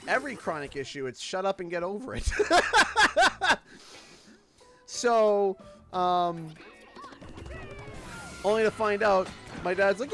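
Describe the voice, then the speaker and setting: Animated bright-voiced man streaming. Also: high voice, slow pace, long pauses. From Canada. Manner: animated storytelling with mock quoted voices. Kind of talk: casual livestream chat. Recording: faint music behind.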